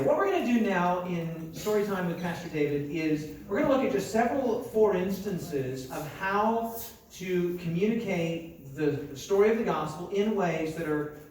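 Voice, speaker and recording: A young American pastor with a fairly high voice, preaching through funny stories and playing the people in them. He sounds far from the microphone in a big, heavily echoing hall. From United States. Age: young adult. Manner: chatty and self-mocking, with asides and acted-out dialogue. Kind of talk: storytelling conference sermon. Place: large conference hall. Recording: very echoey hall, mic far off.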